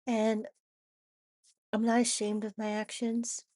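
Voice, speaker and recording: A woman with a raspy voice from a cold, talking haltingly in a personal confessional vlog with many restarts and "you know"s. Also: fairly high pitch, completely flat delivery, darkish tone, no echo, clean studio sound. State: hoarse from a cold. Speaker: vlogger.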